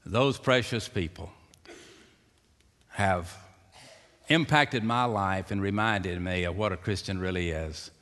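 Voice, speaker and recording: A man preaching a sermon, dropping to a hushed, slow voice and rising to loud, excited calls. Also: sits low. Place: church sanctuary. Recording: long reverb of a church hall.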